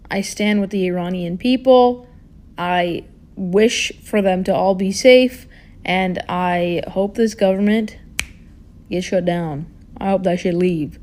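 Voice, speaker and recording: A young vlogger with a medium-pitched voice tells a personal story to camera at a measured pace. She's loose and slangy, cursing often and acting out other people's remarks, in an echoey room.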